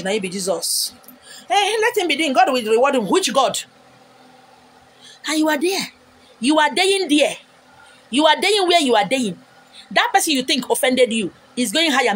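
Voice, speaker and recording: High-pitched Nigerian woman ranting loudly. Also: very animated, normal speed. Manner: loud, scolding and insulting, sudden high outbursts; wears a wig on camera. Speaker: vlogger. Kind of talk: ranting vlog monologue.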